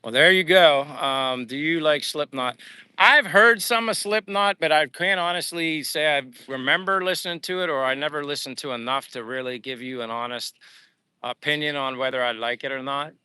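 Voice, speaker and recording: Older man from Pennsylvania, a casual rambling streamer outdoors, crisp dry sound. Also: fairly high pitch, moderate pace, bright, forceful tone, no echo. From Pennsylvania, USA. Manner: rambling, friendly, frequent fillers and restarts. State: sweating in the heat. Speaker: livestream vlogger reading chat. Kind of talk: casual live chat while walking. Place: outdoors under trees in the heat.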